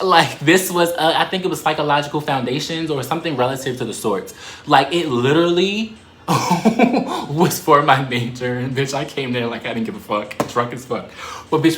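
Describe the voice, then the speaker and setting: A man telling a story to the camera in a casual, animated way, swearing and laughing often. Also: a little high, roomy sound, a little hiss or hum.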